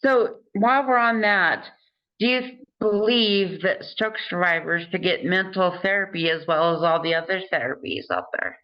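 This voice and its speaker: Woman host, earnest and encouraging, slow careful speech, muffled lo-fi sound. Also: lowish voice. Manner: earnest and encouraging, laughs often. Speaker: interview host. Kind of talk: casual conversation.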